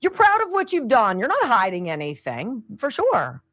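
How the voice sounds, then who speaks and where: A woman's voice: a little high, dry recording. A middle-aged woman runs a talk radio show, her voice leaping up and down as she riffs with biting sarcasm. The sound is dry and close, with no room around it. She tosses in snappy impressions of the people she talks about. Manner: animated and sarcastic, putting on quick voices for quoted people. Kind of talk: opinionated talk radio monologue.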